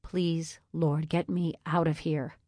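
A woman's voice: sits low, little pitch movement, slow, warm tone, dry recording, studio quality. A woman voicing a stiff, flustered young male pastor who speaks in a prim, formal way. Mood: exasperated. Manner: prim, formal, inwardly anxious.

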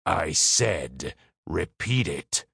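A man's voice: extremely low pitch, very animated, drawn-out words, gravelly, a bit bright, husky, no room sound, studio quality, pitched below the performer's own voice, exaggerated voice. A man voicing a big, hot-tempered brawler in an audiobook, growling threats. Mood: menacing.

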